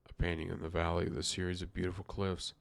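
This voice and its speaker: A man putting on the voice of a fussy, refined gentleman detective while playing a game, with formal, precise phrasing. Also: sits low, completely flat delivery, fast talker, vocal fry, clear, resonant tone. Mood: admiring. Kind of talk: in-character voice while streaming a game.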